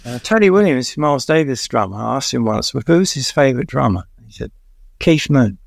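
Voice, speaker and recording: An older man, his voice gravelly and fry-laden, recalls stories in a rambling interview manner. He pauses often with "uh" and chuckles at his own asides. The sound is dry and close, with no room echo. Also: medium pitch, expressive. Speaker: veteran music journalist, guest. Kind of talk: anecdotal interview storytelling.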